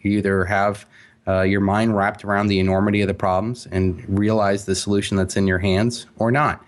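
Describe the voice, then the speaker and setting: A man speaking as an interview guest, emphatic and animated, with frequent fillers and restarts. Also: lowish voice, moderate pace. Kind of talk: casual interview talk.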